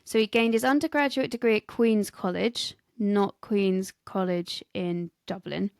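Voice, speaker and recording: A woman's voice: mid-range voice, fairly even intonation, unhurried, creaky, darkish tone, dry recording. A British woman co-hosting a history podcast, chatting casually and reading some scripted lines. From Britain. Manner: chatty, giggly, reads scripted bits. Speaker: podcast co-host presenting history. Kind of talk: casual chat.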